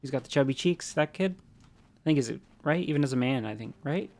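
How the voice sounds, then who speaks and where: A gravelly-voiced man chats casually while streaming a game. He rambles, answers chat, and throws in jokey asides. His nose sounds stuffy from allergies. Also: medium pitch, expressive, a little fast, darkish tone.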